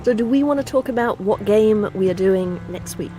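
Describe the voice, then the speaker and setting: A woman's voice: mid-range voice, normal speed, dark tone, soft background music. A woman from Yorkshire with a Yorkshire accent, co-hosting a game stream, chatty and teasing as she reads out chat. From Yorkshire, England. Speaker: co-host. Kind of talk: casual stream chat, reading chat aloud.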